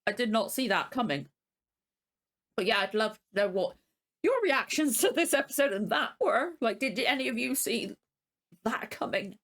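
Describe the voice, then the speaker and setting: A woman's voice: a little high, expressive, normal speed, fairly bright tone. A woman, teary and emotional, rambling and gushing with many restarts as she hosts a reaction vlog. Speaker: reaction channel host. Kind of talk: casual reaction vlog chat.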